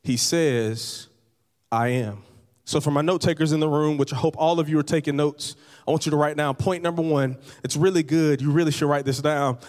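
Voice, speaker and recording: Male pastor, slightly high voice, conversational sermon with repetition, reverberant sanctuary. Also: steady tone, moderate pace, a little mellow. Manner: conversational preaching with repeated phrases and humor. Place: church hall. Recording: long reverb of a large hall.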